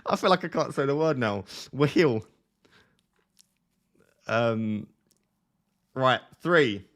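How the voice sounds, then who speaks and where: Young guy streaming, chatty and self-mocking, mid-pitch voice. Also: expressive, slow pace, long pauses, fairly bright tone. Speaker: fantasy football streamer. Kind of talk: casual live-stream chat.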